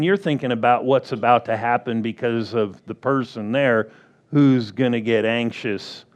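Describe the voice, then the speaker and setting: A man preaching a sermon as pastor, drawing out words and acting out quick playful quotes. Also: mid-range voice. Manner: slow, drawn-out delivery with playful acted-out quotes.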